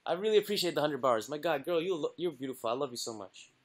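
A man's voice: fairly high pitch, animated, quick pace. A man talking on a livestream clip, self-pitying and pleading. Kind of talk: livestream talk played as a clip.

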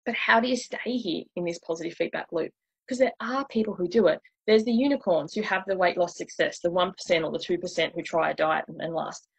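Woman, weight loss coach giving a slide talk; breathy, chatty, relatable. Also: on the low side, fairly quick, rough recording. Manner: chatty and relatable, acts out inner voices.

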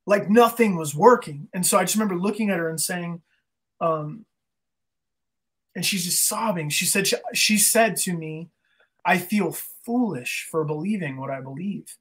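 A man's voice: sits high, moderate pace, fairly bright tone. Guy being interviewed, earnest and emotional, keeps restarting what he's saying. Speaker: guest, band singer. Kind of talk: casual interview chat.

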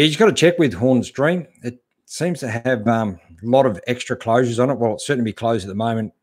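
A middle-aged Australian man hosting a casual live stream, reading out viewers' comments and answering them in a relaxed, chatty way that keeps coming back to "mate". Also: mid-range voice. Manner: laid-back, chatty, calls everyone mate. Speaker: host answering live chat.

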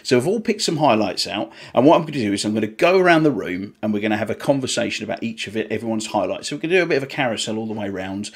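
Upbeat podcast host. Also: male voice, fairly low pitch, animated, very fast, few pauses, slightly rough. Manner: jokey, upbeat, bouncy. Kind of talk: casual chat.

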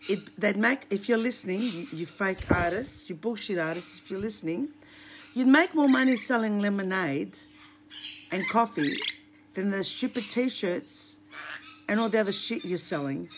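A woman's voice: medium pitch, lively intonation, normal speed. Woman filming herself on a phone, plain outspoken chat, squawking birds and noise behind. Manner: chatty, blunt, scolding, coos at her birds. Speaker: vlogger. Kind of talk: casual talk to camera. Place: home with a bird deck, indoors. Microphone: handheld phone camera. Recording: noisy home with squawking birds.

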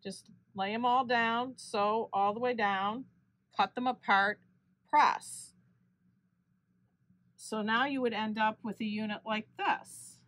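Slow, unhurried woman teaching quilting. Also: a little high. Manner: steady step-by-step explaining with small self-corrections. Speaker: quilting channel host. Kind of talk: unscripted sewing tutorial.

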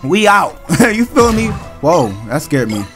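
A man narrating his own horror game playthrough in loose, slangy talk, breaking into screams whenever something jumps out. His pitch swings widely. Game music plays faintly underneath. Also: unhurried. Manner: excitable, screams at jump scares, slangy banter with the game. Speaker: gaming channel host. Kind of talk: let's-play commentary.

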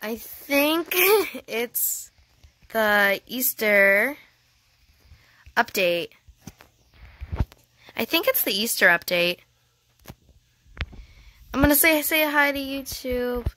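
Bright-voiced, gushing female gamer. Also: a little high, drawn-out words, pauses often, a little hiss or hum. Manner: gushing, excitable, thinks aloud while playing; giggly. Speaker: gaming channel host. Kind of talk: casual gameplay commentary.

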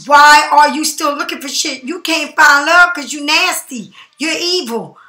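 Cursing, high bright-voiced woman ranting. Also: echoey room. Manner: profane, confrontational, slow emphatic stresses. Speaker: tarot reader. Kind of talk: angry rant to camera. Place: home.

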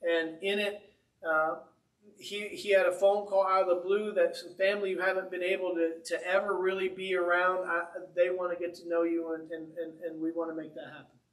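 A pastor delivers his sermon as a lively, conversational story with humor. His voice sits high for a man. The sound is roomy, picked up from some distance in a church. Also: normal speed. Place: church sanctuary.

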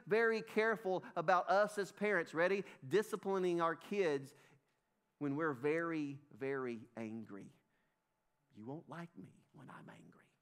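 A middle-aged man preaches with a Southern US accent, his voice pitched notably high for a man. He speaks emphatically, repeats phrases and calls out to the congregation as folks. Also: fairly bright tone, clear, resonant tone. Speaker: pastor. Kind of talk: sermon. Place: church sanctuary.

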